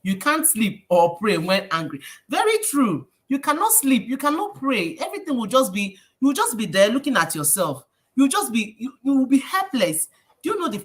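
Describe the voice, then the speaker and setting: A woman with a Nigerian accent hosting a casual livestream, preachy and lively, slipping in Pidgin phrases. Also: mid-range voice. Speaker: livestream host.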